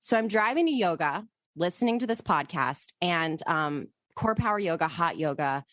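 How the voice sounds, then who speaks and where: A woman's voice: fairly low pitch, expressive, moderate pace, fairly bright tone, dry recording. A woman podcast co-host telling a personal story in casual chat, emotional and rambling, swearing freely.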